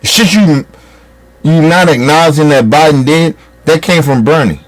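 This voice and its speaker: A man's voice: a little high, normal speed. A man delivering a heated, profane political rant as a commentator, scolding his listeners.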